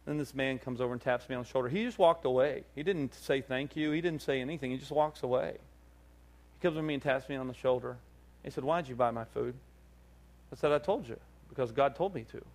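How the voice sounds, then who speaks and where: Man preaching an animated story sermon. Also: medium pitch, a little fast. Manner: animated storytelling, acting out dialogue. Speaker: pastor. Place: church service.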